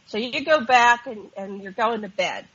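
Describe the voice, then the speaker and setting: Female radio host, husky, directing the talk, dull lo-fi sound. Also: on the high side, moderate pace, a bit bright. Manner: directing, steering the conversation. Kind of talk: hosting a call-in interview. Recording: dull, lo-fi line.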